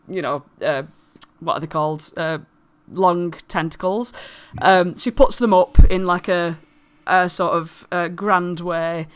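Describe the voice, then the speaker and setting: A woman narrating as game master in a tabletop game, lively and giggly, with lots of fillers. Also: fairly low pitch.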